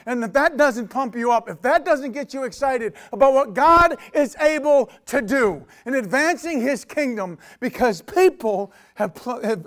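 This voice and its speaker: High-voiced preaching man. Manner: swings between booming proclamation and hushed intensity. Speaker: pastor. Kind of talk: sermon.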